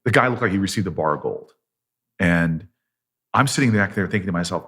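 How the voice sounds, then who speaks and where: Earnest low-voiced man telling a story. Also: expressive, fairly quick, long pauses, fairly bright tone, husky. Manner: earnest, self-deprecating, laughs while telling. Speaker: senator, podcast guest. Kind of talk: conversational storytelling.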